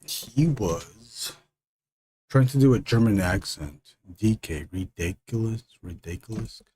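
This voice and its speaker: A man's voice: lowish voice, animated, takes it slowly, warm tone, slightly rough, dry recording, studio quality. A man hosting a live stream, chatting casually and rambling, with frequent fillers and laughs. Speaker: live stream host and illustrator.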